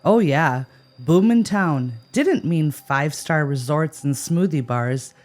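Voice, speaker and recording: Animated woman podcast co-host. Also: deep voice, slow pace. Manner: animated, playful storytelling with jokey asides. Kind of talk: scripted podcast banter.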